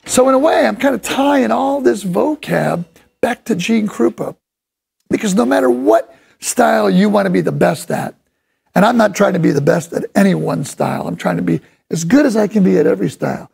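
A man talks through a drum lesson in a loose, rambling way, full of enthusiasm. His fairly high voice is heavily gravelly and deeply husky, as if worn rough. He sometimes sounds out drum patterns with his mouth. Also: animated, moderate pace, a little mellow. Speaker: drum instructor. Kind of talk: casual spoken drum lesson.

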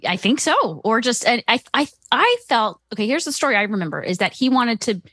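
Woman, forties, casual podcast chat, bright voice with a wide swing, dry sound. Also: on the high side, very animated, fairly quick, no echo. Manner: chatty, supportive interjections. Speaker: podcast co-host.

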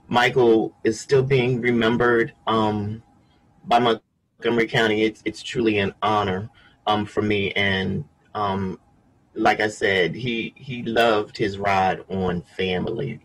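A grieving family member, a man, giving public thanks in a soft, hesitant way with many pauses. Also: fairly low pitch, flat delivery, poor audio. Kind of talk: public remarks.

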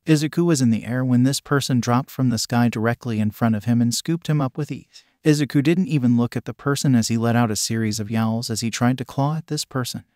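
Male narrator reading fan fiction, level delivery, mid pitch, dry close sound. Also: darkish tone, no room sound.

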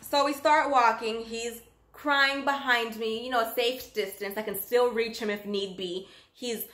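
A woman working as a nanny, telling her own story in a chatty, animated vlog style. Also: fairly high pitch, normal speed. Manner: chatty and animated, acts out quotes. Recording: roomy echoey room.

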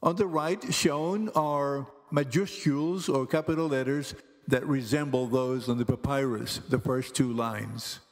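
A man teaching Greek grammar in slow, careful scripted narration, pronouncing each word deliberately. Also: mid-range voice. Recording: long hall reverb with faint music.

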